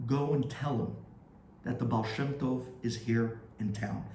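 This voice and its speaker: A man voicing a revered old male rabbi who gives quiet, firm orders in a low voice. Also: a little slow, a little hiss or hum, close to an everyday voice. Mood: commanding. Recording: roomy echo.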